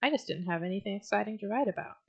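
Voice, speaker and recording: A woman's voice: mid-range voice, animated, racing, a little mellow, highs cut off, a little hiss or hum, lightly acted. A woman voicing a young scarecrow boy who sounds shy, earnest and a little hesitant. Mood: journal reading.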